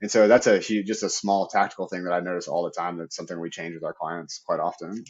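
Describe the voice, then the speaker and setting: Deep-voiced chatty man, dull lo-fi audio. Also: little pitch movement, fast, breathy edge. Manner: loose, chatty, leans on "like" and tag "right?". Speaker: podcast guest. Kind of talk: casual interview talk.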